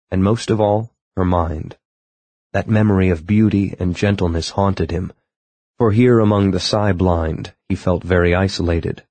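A man reading an audiobook in measured, even scripted narration. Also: low voice, no echo.

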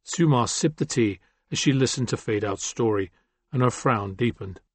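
A man's voice: medium pitch, breathy edge, dry recording. Man reading an audiobook, dry sound. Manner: measured, descriptive reading. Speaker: audiobook narrator. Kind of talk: scripted narration.

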